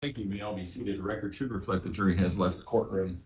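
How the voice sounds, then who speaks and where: A man presiding as judge in a courtroom, giving measured, formal instructions. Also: deep voice, fairly even intonation, a little mellow. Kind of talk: courtroom procedure. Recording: distant courtroom audio.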